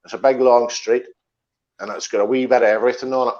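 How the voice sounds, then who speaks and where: A man's voice: mid-range voice, fairly even intonation, quick pace, darkish tone, dull audio. A man from Northern Ireland with a Northern Irish accent, chatting casually as a guest, using local words. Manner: chatty, uses local words like aye and wee. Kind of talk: casual chat.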